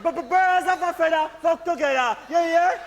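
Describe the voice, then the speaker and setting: An actor playing a jealous, blustering middle-aged Jamaican father in a stage comedy, stammering and shouting insults. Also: very high-pitched, normal speed. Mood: ranting.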